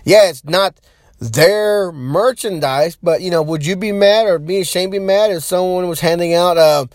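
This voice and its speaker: A man's voice: high voice, normal speed, no room sound. Rambling man, dry close sound. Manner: loose and rambling, talks straight to listeners. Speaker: podcast host. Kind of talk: casual rambling chat.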